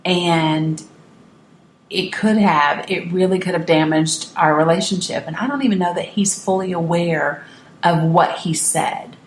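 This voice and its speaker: A woman's voice: lowish voice, steady tone, unhurried, roomy sound, slight background noise. A woman from Northeast Tennessee telling a personal family story to camera, candid and emphatic, often restarting her sentences. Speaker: vlogger.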